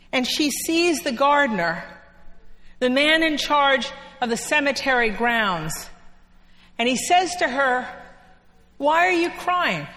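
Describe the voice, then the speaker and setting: A woman preacher giving a sermon in a church, telling the story in an unhurried way with dramatic pauses. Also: sits high, a bit bright. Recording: long echo of a church hall.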